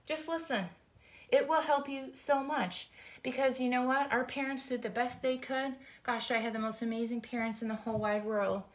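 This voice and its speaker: A woman's voice: a little high, steady tone, moderate pace. A middle-aged woman speaks with earnest, fired-up emotion, hosting her own faith-based vlog. She urges listeners on in a heartfelt, personal way, as if talking straight to a friend. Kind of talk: heartfelt encouraging talk. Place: indoors, folding t-shirts.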